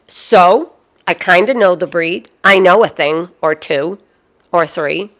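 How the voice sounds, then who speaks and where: A woman with a Boston accent talks to her live-stream viewers in an unhurried, drawn-out way. She is chatty and folksy and likes to say things twice for emphasis. Her voice sits at a middling pitch for a woman. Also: fairly bright tone. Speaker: dog breeder hosting a live stream.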